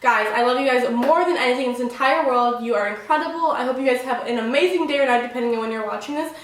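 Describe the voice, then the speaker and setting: A young woman rattles off a dramatic storytime at a fast clip, her voice sitting a little high. She piles "like" into nearly every phrase. The sound is very echoey and the mic sits some distance away. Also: a little hiss or hum. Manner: chatty, fills every phrase with "like"; excitable, dramatic retelling. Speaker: vlogger. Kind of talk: casual storytime vlog.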